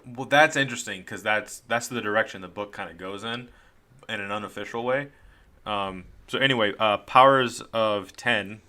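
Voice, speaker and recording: A man's voice: lowish voice, moderate pace, sharp tone. A man co-hosting a casual comic podcast, laughing often as he retells scenes and acts out lines. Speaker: podcast co-host. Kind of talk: casual chat recapping comics.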